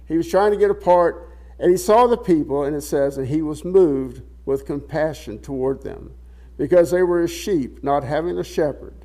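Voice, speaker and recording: A man with a high voice preaches a sermon. He reads scripture aloud and then talks it through conversationally, restarting and repeating words as he goes. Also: normal speed, dark tone. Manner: conversational, repeats words while searching for phrasing; reads scripture aloud in King James wording.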